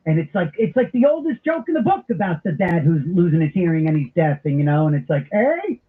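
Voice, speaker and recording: A middle-aged man hosting a talk radio show, telling stories in an animated, comic way. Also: a little high, fast. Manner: animated storyteller with comic impressions. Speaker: radio host. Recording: tinny phone-like broadcast audio.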